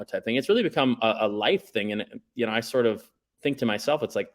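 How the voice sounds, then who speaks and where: A man chatting casually on a podcast as a guest, telling stories in a laid-back, rambling way with lots of fillers. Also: lowish voice. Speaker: guest, documentary writer and director.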